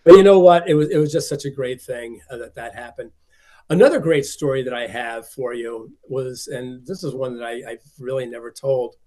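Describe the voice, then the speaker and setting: A man's voice: medium pitch, moderate pace, mellow. A man, a film collector being interviewed, telling stories and acting out the voices of the people he quotes. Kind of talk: conversational storytelling.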